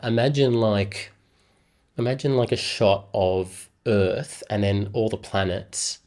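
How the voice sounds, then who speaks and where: A man's voice: on the low side, darkish tone. A man talking to camera in a casual, rambling, self-deprecating vlog. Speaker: YouTuber.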